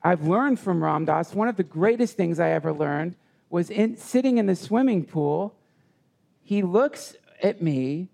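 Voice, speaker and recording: High, gravelly-voiced man telling a story. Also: expressive, a little mellow. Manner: rambling, halting with restarts. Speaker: podcast guest. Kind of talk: emotional personal storytelling. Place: live retreat session.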